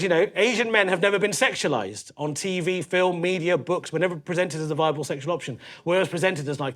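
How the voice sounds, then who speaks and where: A man's voice: sits high, fairly bright tone. A man in his forties with a London accent doing a stand-up comedy set in a club, with a cheeky, conversational, punchy delivery. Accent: London English. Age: 40s. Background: audience laughter.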